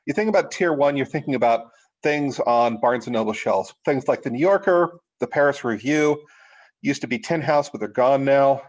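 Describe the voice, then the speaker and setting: Middle-aged guy teaching a writing class, stops and restarts a lot, lots of uhs, normal pitch. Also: rough recording. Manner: halting, many restarts and fillers. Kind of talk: informal workshop talk.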